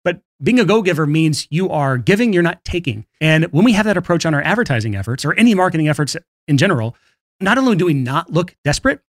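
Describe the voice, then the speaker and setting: Fast-talking male podcast host. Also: a little high, big pitch swings, no echo, clean studio sound. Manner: brisk, casual, laughs between points. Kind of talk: solo podcast monologue on marketing.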